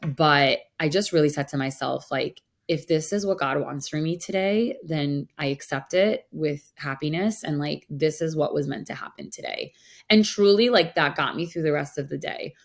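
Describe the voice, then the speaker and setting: A woman with a notably low-pitched voice co-hosts a counseling podcast, chatting casually. She tells her story in an animated way, peppering it with "like". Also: moderate pace, gravelly. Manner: animated, frequent "like" fillers. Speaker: podcast co-host, mental health counselor.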